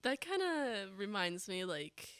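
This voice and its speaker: A young woman with a bright, clear voice co-hosts a casual podcast. She speaks in a relaxed, hesitant way, filling pauses with "um". The sound is dry, close to the mic. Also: mid-range voice, no echo. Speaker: podcast co-host. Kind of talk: casual chat.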